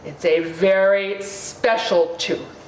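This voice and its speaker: A woman voicing a gentle old male poet who speaks slowly, low and softly. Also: steady tone, slight background noise, natural voice. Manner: slow, low and soft. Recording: roomy, distant mic, faint ambience.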